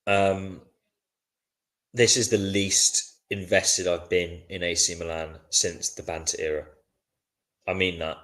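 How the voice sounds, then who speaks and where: A man reacting live to a football match, worn out and grumbling. His voice sits very low. He keeps chatting back to viewers in a loose, casual way. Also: level tone, slow, pauses often, fairly bright tone. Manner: frustrated, weary, chatty with viewers. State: sleepy, yawning. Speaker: watchalong host.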